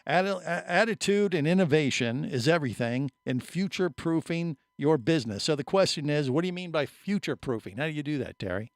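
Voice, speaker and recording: A man's voice: on the high side, animated, fairly quick, few pauses, no room sound, studio quality. A man hosting a live podcast in a jovial, chatty way, introducing guests and plugging events. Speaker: podcast host.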